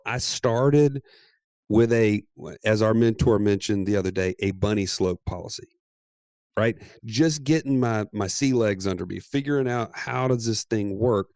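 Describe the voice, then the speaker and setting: A man co-hosting a podcast, telling a story in a playful, animated way and laughing often. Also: lowish voice, dry recording, clean studio sound. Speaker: podcast co-host. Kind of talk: casual storytelling chat.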